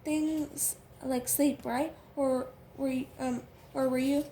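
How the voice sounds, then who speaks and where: A woman voicing a hostile young woman with a husky Southern twang who speaks loudly and with scorn. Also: high voice, fairly even intonation, takes it slowly, slight background noise. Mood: mocking. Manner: loud, cutting and scornful.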